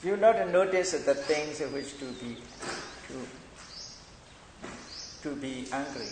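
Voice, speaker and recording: A man giving a Buddhist meditation lecture, explaining slowly and repeating points in non-native English phrasing. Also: a little high, expressive, darkish tone. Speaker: meditation teacher. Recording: echoey hall with long reverb, faint noise.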